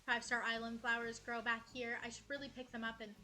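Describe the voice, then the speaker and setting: A young woman gives a relaxed tour of her cozy game island, cooing affectionately at the characters. Her voice is bright and a little high, and soft game music plays underneath. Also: quick pace. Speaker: gaming streamer. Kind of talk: casual game tour vlog. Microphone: headset.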